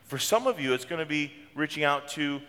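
Fairly quick, with a slightly high, pushed and bright voice and lively intonation, a middle-aged pastor preaches conversationally and tells homely stories. The setting is a church sanctuary whose hall gives a long reverb.

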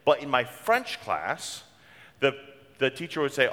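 Pastor guy talking easy to his church, mid pitch, hall echo all around. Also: lively intonation, a little fast, a bit bright. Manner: conversational preaching with homely stories. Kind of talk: sermon. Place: church sanctuary. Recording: long reverb of a church hall.

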